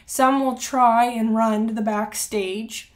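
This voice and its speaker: Woman reading out a prophecy, earnest, pretty flat tone, builds up on the big lines. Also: on the high side, slow pace. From Canada. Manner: earnest, rises to dramatic emphasis when reading. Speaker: host reading a prophetic word. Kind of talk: devotional reading and prayer talk.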